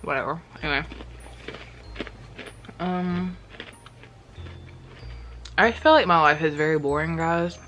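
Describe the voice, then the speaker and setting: A woman's voice: deep voice, slow pace, long pauses, over music. A young woman, chatting casually to the camera in a rambling way, full of fillers. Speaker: vlogger.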